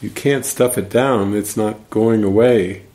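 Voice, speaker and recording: A man giving casual spiritual commentary, telling stories in an animated way and laughing as he goes. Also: fairly low pitch, a little slow. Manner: animated storyteller, laughs while retelling. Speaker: spiritual teacher.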